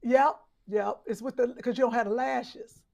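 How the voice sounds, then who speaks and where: A woman with a Cleveland accent co-hosting a casual podcast, teasing the others and reacting with loud exclamations. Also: on the high side, steady tone, normal speed, creaky, dull audio, crowd noise. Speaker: podcast co-host. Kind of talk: casual chat.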